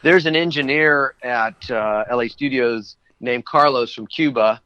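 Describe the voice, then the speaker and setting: A man's voice: mid-range voice, measured pace, pushed and bright, muffled recording, slight background noise. A man who works as a voice actor, chatting as a guest in a casual interview and telling rambling anecdotes.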